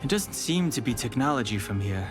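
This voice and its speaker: A man voicing a calm, reserved companion in a video game, speaking in a composed, matter-of-fact way. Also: mid-range voice, fairly quick, over music, close to an everyday voice.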